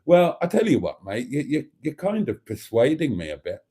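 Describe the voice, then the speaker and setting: Chatty middle-aged man, lively voice. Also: medium pitch, normal speed. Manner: chatty, reads viewer comments aloud with playful asides. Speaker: live stream host. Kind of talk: casual live stream chat.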